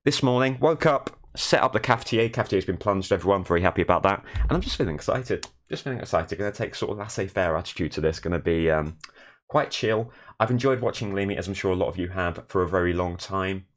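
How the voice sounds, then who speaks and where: A young man streaming from his bedroom in a shared flat, chatting casually and self-deprecatingly and thanking viewers. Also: deep voice, fast talker. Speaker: Twitch streamer. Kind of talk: casual live stream chat.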